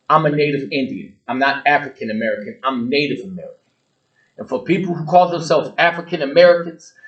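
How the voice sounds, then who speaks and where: Fiery, preachy man, slightly high voice. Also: low-quality recording. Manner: blunt and emphatic, repeats points for force; preachy, addresses listeners directly. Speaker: show host. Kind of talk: ranting monologue to the audience.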